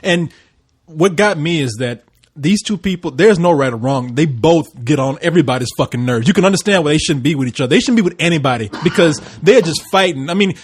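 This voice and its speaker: A man in a casual movie review chat, animated and profane, acting out scenes as he retells them. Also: a little high, fast talker, husky. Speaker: podcast co-host.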